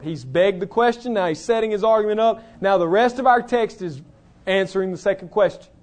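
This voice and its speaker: A pastor preaching a sermon in an earnest, emphatic way, slowing down to stress key phrases. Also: male voice, high voice, a little mellow. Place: church.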